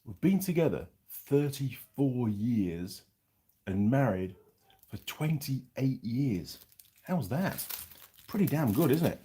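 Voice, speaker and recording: Lively chatty middle-aged man. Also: mid-range voice, slow pace. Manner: chatty, rambling, reads out viewer comments while eating. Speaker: channel host reviewing pies. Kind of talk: casual live-chat vlog.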